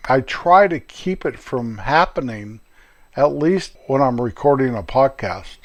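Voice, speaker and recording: An older man, a grandfather, hosting his own podcast in a folksy, rambling, chatty monologue. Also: mid-range voice. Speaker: podcast host. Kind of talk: casual solo podcast monologue.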